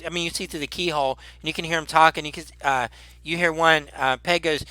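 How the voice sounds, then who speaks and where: A man narrating as game master in a tabletop game, halting and rambling, often laughing. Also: on the high side, steady tone, bright, forceful tone, smooth, no echo.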